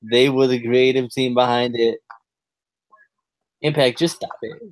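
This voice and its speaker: A man's voice: mid-range voice, steady tone, measured pace, dry recording, poor audio. Blunt man on a dry mic. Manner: blunt and dismissive. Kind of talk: casual chat.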